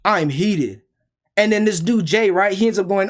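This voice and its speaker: A young man with a high-pitched voice, speaking, rants through a storytime in a casual way. He is heated and emphatic and keeps firing off rhetorical questions. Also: moderate pace. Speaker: storyteller vlogger.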